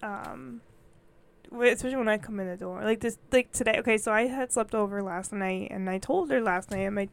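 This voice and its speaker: A woman's voice: medium pitch, a little fast, creaky, dry recording. A young woman co-hosting a casual chat, animatedly retelling funny stories with lots of "like". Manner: lively, animated retelling of kid stories, many fillers. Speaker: podcast co-host.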